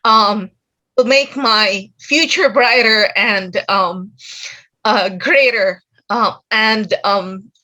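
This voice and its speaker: A tearful woman caller with a rather high, bright voice. She speaks very slowly and haltingly, with frequent "um"s. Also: rough recording. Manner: halting, full of "um". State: teary and emotional.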